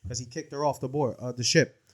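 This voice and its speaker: A man's voice: mid-range voice, steady tone, fast. Laid-back slangy man co-host. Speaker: podcast co-host. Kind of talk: casual anime recap chat.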